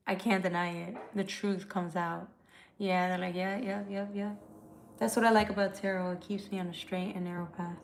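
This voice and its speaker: A woman's voice: medium pitch, a bit bright. A tired woman who reads tarot, chatting candidly and emotionally with viewers on a livestream, swearing casually. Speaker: tarot reader.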